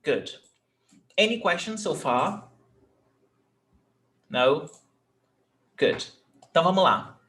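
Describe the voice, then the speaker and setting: Slow, patient man teaching a language. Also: on the high side, sing-song, a bit bright. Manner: patient, slow, repeats words and checks with "ok?". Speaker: Portuguese teacher. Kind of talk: online language lesson.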